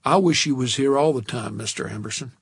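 A man voicing a shy, muscular teenage football player with a soft Southern accent, in an audiobook. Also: mid-range voice, fairly quick, husky. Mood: admiring. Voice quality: soft-spoken.

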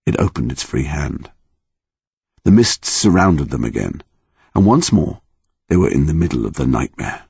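Deep, gravelly male storybook narrator. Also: sing-song, normal speed, pauses often, darkish tone, no echo. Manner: dramatic, emotionally charged reading. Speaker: audiobook narrator.

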